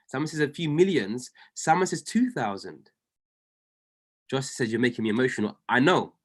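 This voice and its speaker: Fervent male coach repeating his points. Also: fairly high pitch. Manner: fervent, repeats lines for emphasis, addresses listeners by name. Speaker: trading coach. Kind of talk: motivational group call.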